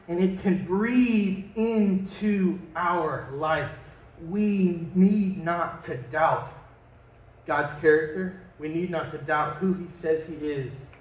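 A man preaching a sermon as pastor, in a conversational way that puts questions to the congregation and slips in jokes. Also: sits high. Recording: echoey room from a distant mic.

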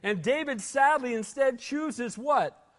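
A man's voice: extremely high pitch, takes it slowly. A man preaching a sermon in a conversational, emphatic way, often asking the room for an amen. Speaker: pastor.

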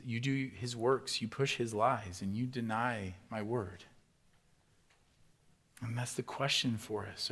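A man preaching a sermon, talking to the congregation as if chatting with them. He asks rhetorical question after question. His delivery swings between loud, rising emphasis and quiet, low stretches. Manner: builds to loud, rising emphasis, then drops to soft and low. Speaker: pastor.

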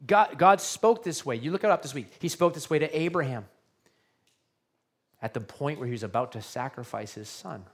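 A man's voice: fairly high pitch, animated, moderate pace. A male pastor giving a sermon, earnest and repetitive, often checking in with his listeners by asking questions.

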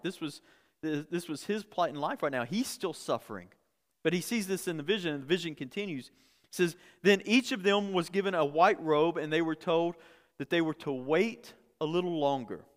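A man's voice: a little high, animated, normal speed. Man preaching in a reverberant hall. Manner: conversational, repeats words, builds to emphatic peaks. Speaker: pastor. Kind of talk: sermon.

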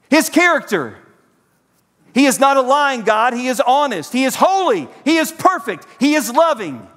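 Man, pastor preaching, high lively voice, echoey church hall. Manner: animated, preacherly, addresses congregation directly. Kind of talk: sermon.

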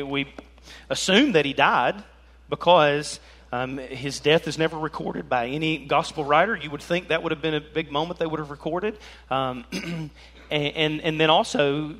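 A man preaching an animated sermon as pastor, joking and swinging between loud and soft. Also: on the high side.

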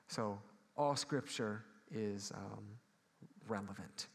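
A man's voice: fairly low pitch, takes it slowly. A man, preaching a sermon as pastor, earnest and calling out for amens. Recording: long hall reverb.

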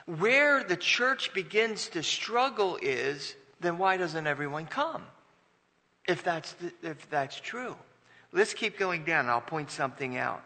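A man's voice: fairly high pitch, lively intonation, slow, sharp tone. A man preaching a Sunday sermon. He reads verses aloud and breaks into emphatic bursts, with frequent restarts. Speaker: pastor. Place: church sanctuary. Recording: long reverb of a church hall.

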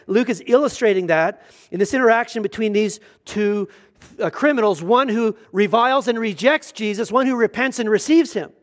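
Man, middle-aged pastor, sermon, high voice, conversational, earnest, humorous asides, restarts.

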